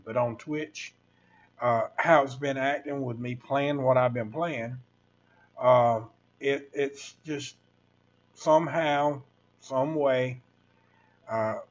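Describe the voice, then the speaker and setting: A man's voice: mid-range voice, dull audio. A man, ranting casually to viewers on his livestream in a rambling, preachy way. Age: 60s. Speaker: livestream host.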